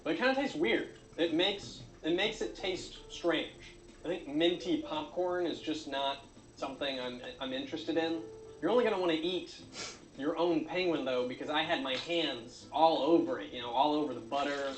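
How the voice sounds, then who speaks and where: Deadpan guy narrating a craft vid, kinda high voice, echoey room, faint music. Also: moderate pace. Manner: deadpan, with frequent uh fillers. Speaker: craft video creator. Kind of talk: dry comedic narration.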